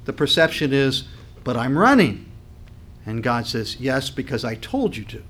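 A male pastor delivering a sermon at a medium pitch. He builds to loud, emphatic peaks and falls back to quiet, conversational asides. He clears his throat from time to time. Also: sing-song, unhurried. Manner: dynamic preaching, voice swells and drops with emphasis.

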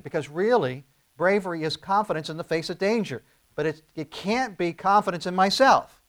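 A male pastor preaching a sermon, asking the congregation rhetorical questions and slowing down to stress key phrases. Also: high voice, fairly bright tone. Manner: rising to emphatic, slowed declarations on key phrases.

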